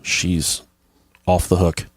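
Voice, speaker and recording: A man's voice: deep voice, completely flat delivery, slow, no echo. A man co-hosting a podcast, joking in a loose, profane, crude way as he chats with his co-host. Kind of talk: crude casual banter. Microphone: podcast microphone.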